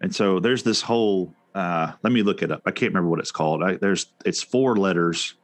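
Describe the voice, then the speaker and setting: Low-voiced man rambling in chat. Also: a little fast, slight background noise. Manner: rambling, many restarts and fillers. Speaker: podcast co-host. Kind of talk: casual chat.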